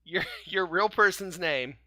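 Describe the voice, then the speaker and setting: A man's voice: high voice, measured pace, pushed and bright, no room sound. A man hosting a casual fan podcast, running a name quiz, joking and laughing often as he spells out names. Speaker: podcast host. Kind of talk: casual panel chat, quiz game.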